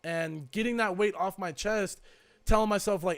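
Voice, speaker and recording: A young man with a notably high voice talks through a casual podcast chat. He rambles and circles back, leaning on fillers as he reflects. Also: moderate pace, fairly bright tone, clean tone. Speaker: podcast co-host.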